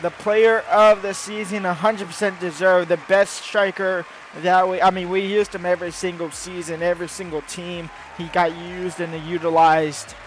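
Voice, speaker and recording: A man hosting a gaming channel, giving casual commentary over his own gameplay, rambling and swinging between low muttering and loud outbursts. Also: little pitch movement, moderate pace, hardly any pauses, a faint crowd, a little hiss or hum.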